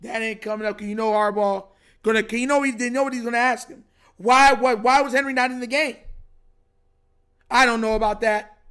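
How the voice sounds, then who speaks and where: Young male streamer, very high pitch, frustrated slangy rant. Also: fairly even intonation, brisk, sharp tone, clear, resonant tone. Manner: frustrated, repetitive, slangy, says bro constantly. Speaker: livestream host reacting to a football game. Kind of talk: casual livestream rant.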